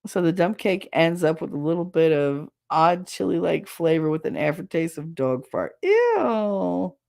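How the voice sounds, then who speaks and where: Middle-aged woman host, loose rambling live-chat delivery, slightly low voice. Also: fairly even intonation, normal speed, gravelly, a little mellow. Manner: chatty and rambling, laughs often. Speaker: livestream host reading chat. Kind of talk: casual chat.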